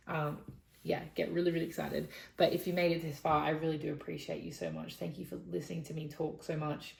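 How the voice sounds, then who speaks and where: A woman's voice: deep voice, gravelly, echoey room, rough recording. A young Australian woman talking to camera in a casual, rambling advice vlog, frank and chatty. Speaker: vlogger.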